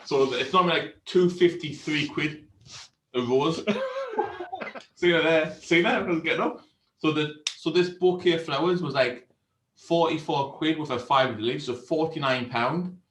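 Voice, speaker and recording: A man's voice: fairly high pitch, unhurried, roomy sound, noisy background. A man, co-hosting a casual beer show, telling a story with lots of swearing and laughter. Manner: animated storyteller, swears freely, laughs often. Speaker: co-host of a beer review show.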